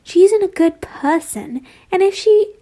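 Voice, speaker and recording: A woman reading as a protective young man, gentle, reassuring, high and slow, breathy. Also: expressive. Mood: firm. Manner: gentle and reassuring, firm when promising. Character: protective, tender young man, a loving partner.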